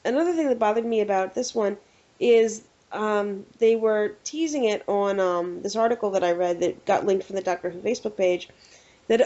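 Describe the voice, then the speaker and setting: A woman co-hosting a casual podcast, ranting with animated exasperation. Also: mid-range voice, moderate pace. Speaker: podcast co-host. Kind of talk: casual chat. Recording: dull lo-fi recording.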